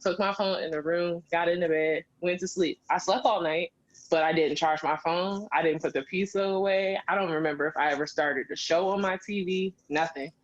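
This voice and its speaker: Woman telling a story in animated casual chat. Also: lowish voice, moderate pace. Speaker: podcast co-host. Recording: dull lo-fi sound.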